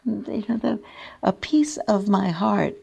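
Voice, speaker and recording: An older woman giving a dharma talk as a meditation teacher, telling stories in a gentle, reflective way. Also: medium pitch, slow, vocal fry, husky. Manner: gentle, reflective storytelling with soft laughs.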